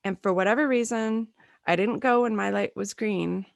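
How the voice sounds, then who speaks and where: A woman in her thirties chats on a podcast, caught dry and close on the mic. She is an animated storyteller who slips into the voices of the people in her stories. Her pitch sits in a middle range. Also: moderate pace, creaky, dry recording. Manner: animated storyteller, acts out quotes. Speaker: podcast co-host. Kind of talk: casual chat.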